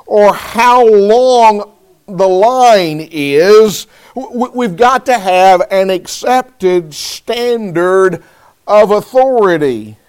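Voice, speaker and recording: Slow, high-voiced preacher. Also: male voice, lively intonation, a little mellow, smooth. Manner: slow, deliberate, calls on listeners by name. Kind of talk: sermon.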